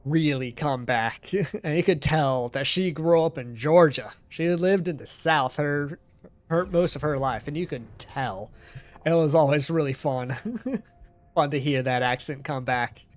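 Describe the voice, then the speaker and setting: A young American man streaming a game, chatting with his viewers in a rambling, easygoing way and laughing often. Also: fairly high pitch. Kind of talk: casual chat while playing a game.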